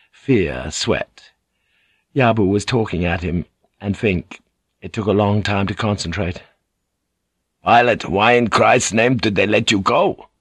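A man reading an audiobook aloud in a measured, dramatic storytelling manner, recorded in a studio. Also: lowish voice, no room sound. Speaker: audiobook narrator. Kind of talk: scripted audiobook narration.

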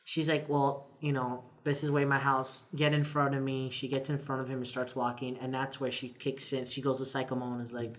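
A man with an ordinary mid-range voice is chatting casually on a podcast. He retells an anime episode with lively energy. He acts out the characters' lines as he goes. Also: mid-range voice, fairly quick, few pauses. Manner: animated retelling, acting out quotes. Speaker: podcast co-host. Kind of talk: casual anime recap chat.

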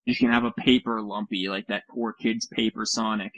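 A man's voice: on the low side, level tone, normal speed, fairly bright tone, dry recording, muffled recording. Sarcastic man with a dry close sound. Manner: sarcastic, mocking with silly put-on voices, swears. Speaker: podcast co-host. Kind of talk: casual chat over a call. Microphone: computer mic on a voice call.

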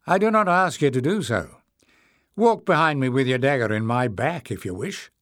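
A man voicing a calm, persuasive male stranger in an audiobook, speaking with patient earnestness. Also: mid-range voice, normal speed, dry recording, studio quality, natural voice. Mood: earnest.

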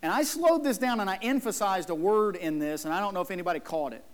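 Man, pastor, sermon, emphatic, higher voice. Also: expressive, fast. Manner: emphatic, acts out the whining brother. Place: church.

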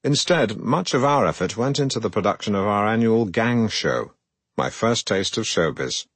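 An actor playing a pompous, self-regarding middle-aged broadcaster who narrates his own memoir in a deadpan way. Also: fairly low pitch, normal speed, slightly rough, no room sound, heavily acted. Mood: self-important. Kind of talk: comic audiobook narration.

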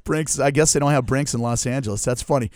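A man's voice: medium pitch, a little mellow, no echo. A man hosting a sports radio show, chatting and joking in a rambling, casual way from a studio. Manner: jokey, rambling, quick to laugh. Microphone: studio microphone.

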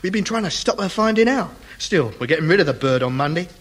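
An actor playing Ken, a brash, cheeky young lodger in a radio sitcom. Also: male voice, high-pitched, animated, fast talker.

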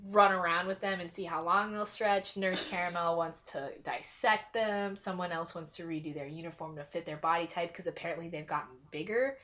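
A woman's voice: fairly low pitch, fairly quick, few pauses, a bit bright. Chatty woman recapping with laughs. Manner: rambling with frequent likes and laughs. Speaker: podcast host recapping a cartoon episode. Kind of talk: casual chat.

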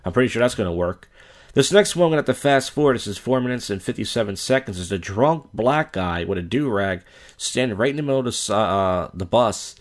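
A man's voice: fairly low pitch, expressive, fairly quick. A man from Philadelphia hosting a reaction video, giving blunt, crude, casual commentary over clips.

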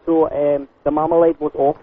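Man doing a pushy Scottish customer, fake brogue, rambling, high-ish voice over a tinny phone line. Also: little pitch movement, normal speed, dry recording, natural voice. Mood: complaining. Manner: rambling, repetitive, slips into swearing.

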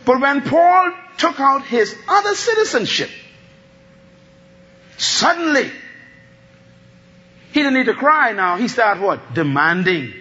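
A man preaches in a very high, bright voice, his pitch leaping all over as he moves between shouts and quiet asides. He laughs often as he drives his sermon home. The recording is dull and lo-fi. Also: big pitch swings, slow, pauses often. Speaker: pastor.

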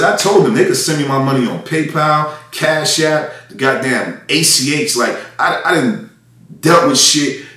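A man's voice: mid-range voice, a bit bright. Man ranting heatedly in an echoey room. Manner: profane, heated, repetitive. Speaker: independent music artist. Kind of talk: angry ranting monologue. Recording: echoey room, mic at a distance.

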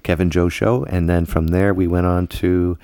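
A man co-hosting a casual podcast, talking in a rambling, halting way. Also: low-pitched, little pitch movement, mellow, no echo. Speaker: podcast co-host.

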